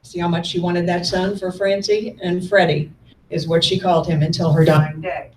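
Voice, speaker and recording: A woman in her sixties, a guest speaker at a lecture, telling her family's history in a measured, earnest storytelling manner while showing slides. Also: lowish voice, flat delivery, a little mellow, a little hiss or hum. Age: 60s. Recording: echoey room, mic at a distance.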